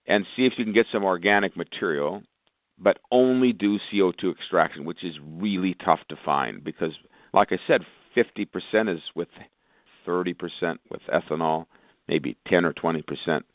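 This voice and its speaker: A man's voice: low-pitched, dry recording. A male physician guest talking with enthusiasm on a phone interview, rambling through long lists. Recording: tinny phone line, dry.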